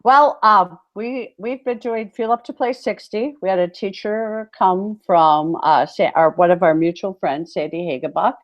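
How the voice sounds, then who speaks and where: A woman's voice: medium pitch, measured pace, hardly any pauses. A woman co-hosting a casual chat, telling a story animatedly and acting out quotes with big exclamations. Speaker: podcast co-host, PE teacher. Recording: muffled lo-fi audio.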